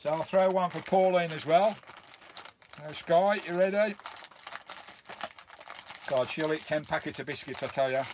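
A man's voice: fairly high pitch, a little slow, pauses often, noisy background. A middle-aged British man hosting a casual live stream outdoors by his campervan, greeting viewers by name and chatting with them in a friendly way.

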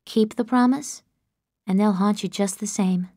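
A woman narrating a story in the first person in an earnest, expressive way, on a close studio mic. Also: medium pitch, unhurried, no echo. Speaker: audiobook narrator.

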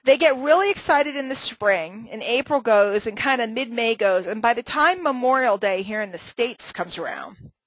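A woman running a live teaching webinar, chatty and quick to joke, laughing freely between points. Her voice sits a little high, and it is picked up dry and close with no room sound. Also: expressive, no echo, low-quality recording. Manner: chatty, joking, laughs often. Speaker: webinar host and marketing trainer.

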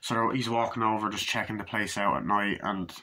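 A man's voice: lowish voice, a little fast, bright, forceful tone. A young man giving a rambling, casual film review, swearing freely and acting out scenes in voices.

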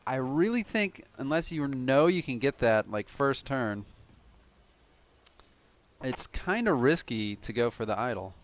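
A man's voice: mid-range voice, animated, measured pace. A man from Cleveland giving casual, analytical live commentary on a tournament game, swearing now and then. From Cleveland, USA.

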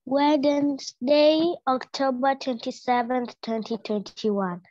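Female pupil from Kenya on a video call, slow and high; dull, dry audio. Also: fairly even intonation, a little mellow, dry recording. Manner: answers briefly.

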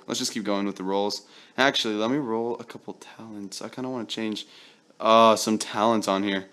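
A young man commenting on his own mobile gameplay, pleading with the game and yelling when his luck turns. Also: fairly low pitch. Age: young adult. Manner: excitable, pleading with the game, yells when lucky.

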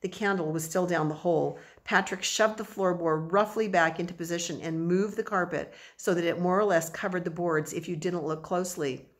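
A woman narrating a children's audiobook in a measured, expressive storytelling manner. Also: on the low side.

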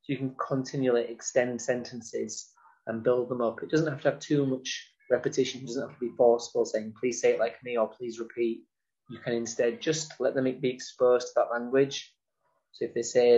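Man calmly explaining early phonics. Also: mid-range voice, lo-fi sound. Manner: demonstrates sounds slowly and explicitly. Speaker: nursery teacher. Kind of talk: instructional talk to parents.

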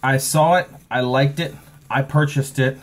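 A man's voice: medium pitch, fairly even intonation, a little slow. A man in his forties with an Eastern Shore of Maryland accent, chatting casually through an unboxing with a joking, rambling, self-mocking manner. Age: 40s. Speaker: pipe-collecting vlogger.

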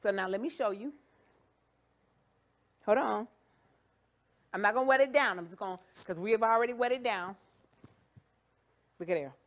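This wig shop host speaks at a moderate pace in a mid-range, fairly bright voice, leaving long pauses. During her livestream product demo she stays playful and chatty, singing and joking and encouraging viewers with hype catchphrases.

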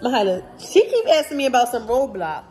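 A woman's voice: a little high, lively intonation, brisk, warm tone, soft background music. Chatty woman vlogging at home, echoey room. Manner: chatty, laughing, frustrated asides. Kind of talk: casual home vlog chat. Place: house, indoors. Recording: echoey rooms, household noise.

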